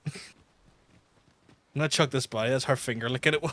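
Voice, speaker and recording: This young man streams a game and talks fast in a medium-pitched voice, pausing often, with faint music behind him. It's casual livestream commentary full of animated stories, free swearing and frequent laughter.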